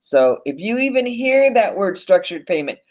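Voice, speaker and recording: A woman's voice: medium pitch, very animated, normal speed, a little mellow. Emphatic woman lecturing on dull audio. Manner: emphatic, addresses listeners as folks, swears casually. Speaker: online presenter. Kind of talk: animated teaching monologue.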